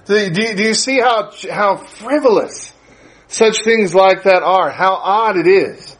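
A man's voice: high-pitched, slow. A male pastor preaching a sermon, asking his listeners question after question and laughing as he tells stories. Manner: animated, rhetorical questions, laughs while telling stories.

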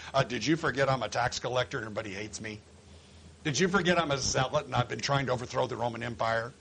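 A man voicing a doubtful common man among the apostles, asking wry, quick questions about himself. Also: high-pitched, very animated, background noise. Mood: incredulous.

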